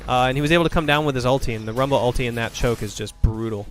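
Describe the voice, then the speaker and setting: A man commentating a video game match, breaking plays down quickly and thinking aloud. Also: medium pitch, a bit bright, faint music behind. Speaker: esports caster. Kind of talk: play-by-play and analysis commentary.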